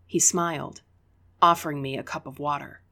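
An audiobook reader telling a first-person story at an even, unhurried pace. The reading is steady, with a voice sitting in the middle of the usual range. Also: mid-range voice, gravelly. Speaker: audiobook narrator.

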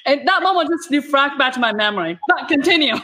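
High-voiced animated woman host. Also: fast talker, a little hiss or hum. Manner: animated, exclaiming, casual swearing. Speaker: podcast host. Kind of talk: casual interview chat.

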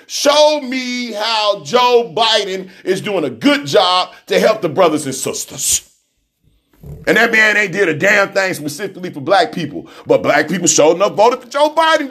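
A man ranting on his radio show with a high-pitched voice. He delivers it with preacherly intensity, repeating lines and breaking into shouts. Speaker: radio host. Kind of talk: fiery radio monologue.

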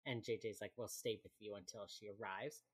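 A young woman with a strikingly low, deep voice chats casually on a podcast. She recaps scenes in a loose, talkative way, laughs often and acts out what the characters say. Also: fairly even intonation, fairly quick, husky. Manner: chatty, laughs often, acts out quoted lines. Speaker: podcast co-host recapping a TV episode. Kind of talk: casual chat.

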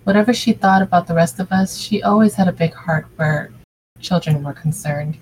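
A woman's voice: fairly low pitch, normal speed, a little mellow, a little hiss or hum, close to an everyday voice, poor audio. A woman reading the lines of an earnest, sentimental young woman in an amateur fan fiction reading. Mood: wistful.

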